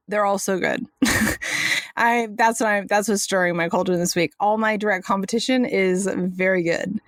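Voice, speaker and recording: A woman's voice: medium pitch, dry recording, studio quality. A woman co-hosting a podcast in casual chat, chatty and self-mocking, laughing often. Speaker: podcast co-host.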